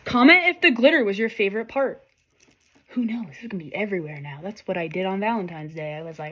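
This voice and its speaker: Animated woman giving a swearing tarot reading. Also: mid-range voice, fast. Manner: animated, swearing freely, talks straight to viewers. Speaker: tarot reader. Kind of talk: casual tarot reading to camera.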